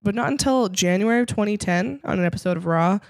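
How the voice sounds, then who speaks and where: A woman's voice: mid-range voice, lively intonation, fast talker, creaky, no echo. A woman chats on a podcast, her mid-range voice recorded close and dry with no room sound. She tells a long story in a playful, talkative way and laughs easily between points. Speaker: podcast co-host presenting the segment. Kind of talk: casual podcast chat.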